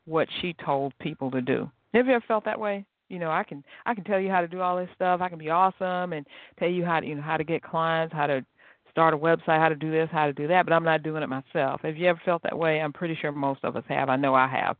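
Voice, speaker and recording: A woman hosting a podcast on her own, chatting in a lively way and laughing often. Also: low-pitched, quick pace, no room sound. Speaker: podcast host. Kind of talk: casual solo talk. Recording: tinny phone-like sound.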